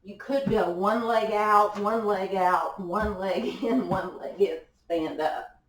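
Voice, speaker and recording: A woman's voice: medium pitch, slow pace. A woman leading a live workout class, giving encouraging cues with small laughs between moves. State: out of breath at times. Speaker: fitness instructor. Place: indoor workout room. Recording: echoey room, voice from far off.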